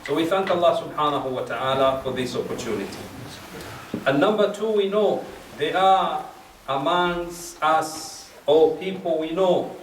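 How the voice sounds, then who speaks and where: A man's voice: on the high side, slight background noise. A man giving a religious lecture at a gathering, explaining verses step by step and repeating key phrases. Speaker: speaker at a majlis. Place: mosque or community hall. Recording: echoey hall, mic at a distance.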